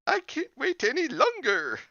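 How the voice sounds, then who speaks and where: A shrill, bossy teenage girl squealing in a high falsetto, as a man puts her on while reading a spooky storybook aloud. Her lines swoop wildly and stretch out slowly. The sound is dull and lo-fi. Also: wildly swooping pitch, gravelly, pushed and bright, no echo, full character voice. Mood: impatient.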